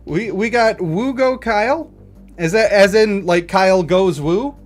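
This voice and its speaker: A game streamer commentating live, reading game text and going off on animated, rambling comic rants. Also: medium pitch, takes it slowly, long pauses, soft background music.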